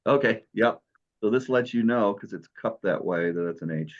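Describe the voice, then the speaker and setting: A man's voice: fairly low pitch, normal speed, highs cut off. A man teaching Greek in an online class, patient and encouraging as he explains step by step.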